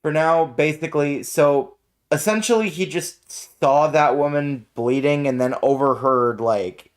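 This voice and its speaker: A tired man taking part as a player in a casual tabletop game, speaking in a low-key, unhurried way.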